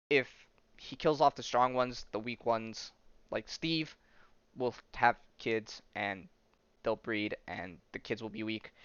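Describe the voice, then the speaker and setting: A man's voice: medium pitch, slow, fairly bright tone, clear, resonant tone, no room sound, highs cut off. A man hosting a podcast, casually recapping a comic book story and reading out its dialogue with frequent ums and restarts. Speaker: podcast host.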